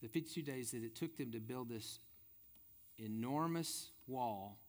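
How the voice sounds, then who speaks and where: A man's voice: medium pitch, unhurried. A man preaching a sermon as pastor, reading scripture and adding folksy, humorous asides.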